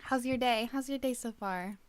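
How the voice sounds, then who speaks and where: A woman's voice: fairly high pitch, normal speed, no echo. A woman streaming a game, chatting casually and playfully with her chat and laughing often. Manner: playful and giggly, greets chat warmly. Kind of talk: casual live-stream chat while gaming.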